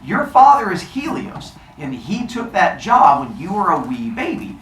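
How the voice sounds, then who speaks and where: A gentle mother soothing her little son, her voice lifted higher and tender, as a man puts her on. The pitch rises and falls in wide curves. The sound is roomy and a little distant. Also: sing-song, measured pace, background noise.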